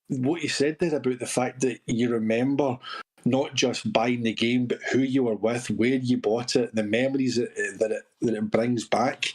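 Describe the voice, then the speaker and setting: A man's voice: mid-range voice, husky. A Scottish man, a podcast guest, chatting on a live call and reminiscing in long flowing runs. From Scotland. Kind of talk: casual chat on a live voice call.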